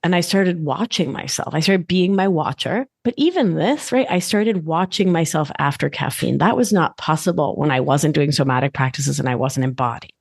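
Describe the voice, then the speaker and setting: A woman talking as a podcast guest, animated and playful, with sudden jumps in pitch. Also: moderate pace, vocal fry, few pauses, husky. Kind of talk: conversational interview.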